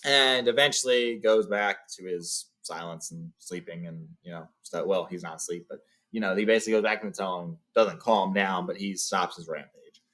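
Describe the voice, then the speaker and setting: A man with a deep voice and a sharp tone reads a novel aloud at a moderate pace. He switches back and forth between the text and casual, filler-laden summaries in a read-along.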